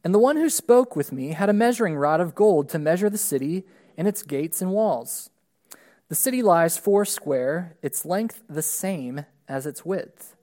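During a church service, a pastor reads a long scripture passage aloud to his congregation in a voice that sits high. He stays measured and steady, with emphatic rises on key words.

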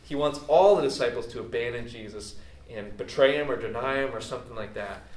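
A man preaches like he's chatting, his casual sermon full of filler words and restarts. His voice is mid-range with a darkish tone, and his pace is fairly quick. The mic sits at a distance in an echoey room, picking up faint ambience.

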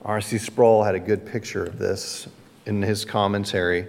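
A man's voice: fairly low pitch, steady tone, normal speed, gravelly, darkish tone. A man preaching a sermon as pastor, speaking conversationally with dramatic emphasis. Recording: long hall reverb.

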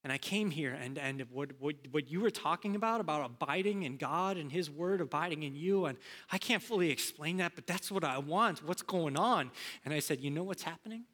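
A man preaching a sermon as a campus minister, telling a story and acting out the dialogue in an animated way. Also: fairly high pitch, brisk, long reverb tail.

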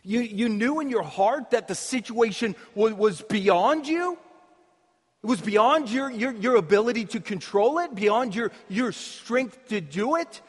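A male pastor preaching a sermon, emphatic and repetitive, often dropping to a hush for key points. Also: sits high, animated, measured pace, slightly rough. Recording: long hall reverb.

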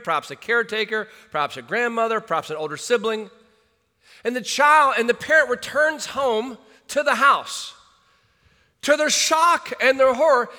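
Man preaching in a ringing hall. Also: extremely high pitch. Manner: swings from hushed to shouting. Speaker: pastor. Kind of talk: sermon. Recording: long hall reverb.

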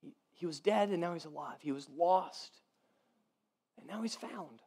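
A man preaching a sermon in a loose, conversational way, often asking "right?" and softening his voice when he voices the father. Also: a little high, moderate pace, vocal fry, breathy edge. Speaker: pastor.

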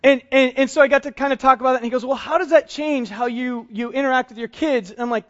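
A man's voice: very high voice, fast, hardly any pauses, fairly bright tone, highs cut off. A middle-aged male pastor preaching a conversational sermon, acting out both sides of dialogues with self-deprecating humor. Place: church service.

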